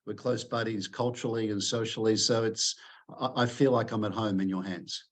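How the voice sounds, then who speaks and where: Australian man, lowish voice. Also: fairly even intonation, fairly quick. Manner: repeats words when starting sentences. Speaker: podcast guest. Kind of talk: relaxed interview conversation.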